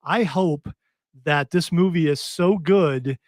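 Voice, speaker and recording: A man's voice: fairly high pitch, slow, dry recording. A man hosting a casual pop culture podcast who steers the topics and poses questions conversationally. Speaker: podcast host.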